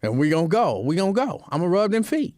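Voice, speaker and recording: Animated high-voiced man telling a story. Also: fast talker, no echo. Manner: animated, repeats phrases for emphasis. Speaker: host. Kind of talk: casual storytelling monologue.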